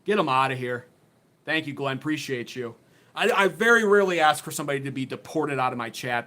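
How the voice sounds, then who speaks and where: A man's voice: medium pitch, lively intonation, fairly quick, pushed and bright. A man hosting a political livestream, sarcastic, worked up and blunt, swearing as he talks into a phone on a desk mount. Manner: sarcastic, riled up, blunt and profane. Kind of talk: heated political commentary livestream.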